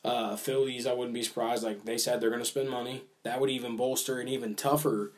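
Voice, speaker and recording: A man's voice: mid-range voice, flat delivery, fairly quick. A man co-hosting a casual sports talk show, rambling and hedging with fillers while he weighs baseball moves. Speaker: podcast co-host.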